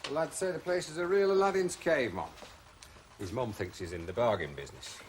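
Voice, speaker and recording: An actor playing a seasoned police sergeant who talks in a dry, matter-of-fact way, in a television police drama. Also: male voice, medium pitch, brisk, slight background noise, natural voice.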